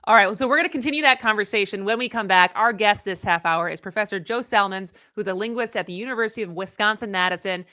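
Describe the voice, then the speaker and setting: A woman hosting a live radio talk show, asking questions in a quick, chatty, energetic way. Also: medium pitch, dry recording, studio quality.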